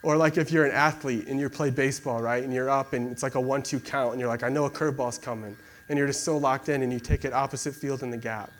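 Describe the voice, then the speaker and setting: A man's voice: medium pitch, fairly even intonation, quick pace, few pauses, slight background noise. A young man giving a casual sermon and leading a prayer, talking conversationally and filling gaps with "like". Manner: conversational, many fillers like "like". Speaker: preacher.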